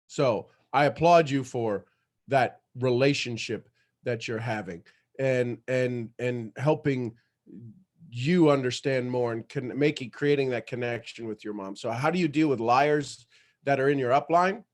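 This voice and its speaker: A man hosting a motivational livestream, talking in an emphatic, animated storytelling way. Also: medium pitch, unhurried. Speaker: motivational show host.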